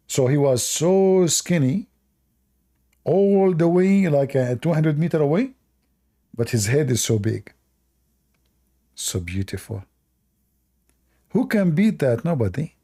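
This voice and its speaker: This man's voice is fairly high, mellow, and edged with breathiness, and he speaks English with a non-native accent. He's casually hosting a live debate stream, adding mocking, sarcastic remarks.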